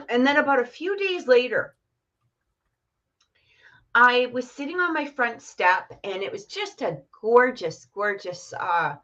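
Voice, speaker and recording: A middle-aged woman with a fairly high voice rambles through a personal story. She talks casually, with plenty of fillers, restarts and easy laughter. The stream audio is dull and muffled. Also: a bit bright. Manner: chatty, many fillers and restarts, laughs often. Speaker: guest telling a personal story.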